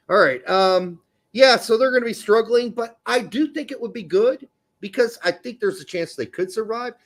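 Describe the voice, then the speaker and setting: A man's voice: high-pitched, moderate pace. A man co-hosting a casual soccer podcast, joking and swearing freely as he talks. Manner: profane, joking, animated. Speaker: podcast co-host. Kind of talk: casual sports chat.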